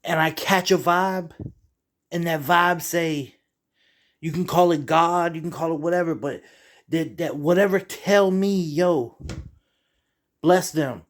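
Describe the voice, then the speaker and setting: A man's voice: on the high side, unhurried. A middle-aged man vlogging in a casual, rambling monologue, profane and heated as he digresses.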